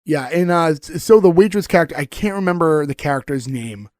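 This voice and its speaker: Man co-host, fairly high voice, dry close sound, loose rambling recap. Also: lively intonation, fairly quick, a little mellow, no room sound. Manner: rambling, filler-heavy retelling with many "like"s. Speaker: podcast co-host. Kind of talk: casual chat recapping a TV episode.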